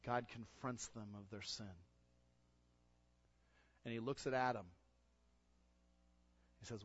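A man pastor preaching a sermon to his church in an earnest voice that rises to loud exhortation. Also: mid-range voice, fairly even intonation, takes it slowly, long pauses. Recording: dull lo-fi sound.

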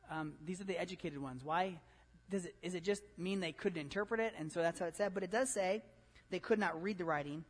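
A man pastor giving a conversational, animated sermon, full of rhetorical questions. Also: high-pitched, husky, in a large hall.

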